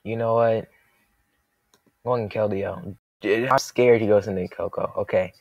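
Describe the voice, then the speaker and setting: A young man giving casual, jokey play-by-play of his own game, thinking aloud and reacting loudly to each turn. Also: lowish voice, steady tone, measured pace, creaky, no echo, lo-fi sound. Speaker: gaming commentator.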